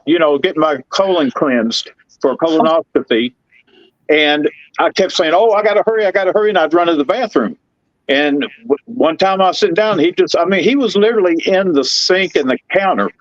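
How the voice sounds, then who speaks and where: A middle-aged man, telling rambling, excitable stories in casual chat. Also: fairly high pitch, dry recording, muffled recording. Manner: folksy, rambling, excitable storyteller. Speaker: guest telling paranormal stories.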